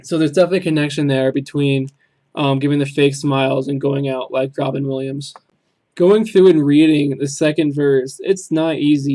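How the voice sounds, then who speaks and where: A man's voice: on the high side, warm tone. A young man hosting a reaction video, talking through song lyrics in an earnest, reflective way with many ums. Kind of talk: casual spoken commentary on song lyrics.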